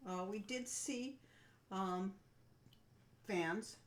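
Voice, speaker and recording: A woman's voice: medium pitch, drawn-out words. Chatty woman co-hosting a stream. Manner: chatty, reminiscing, meandering. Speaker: co-host of a game developers' stream. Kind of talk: casual livestream chat.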